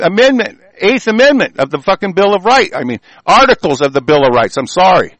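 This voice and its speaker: Guy ranting hard and cussing, high pitched voice, real dry sound. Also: dry recording, low-quality recording. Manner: heated, profane, shouting tirade. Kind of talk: angry political rant.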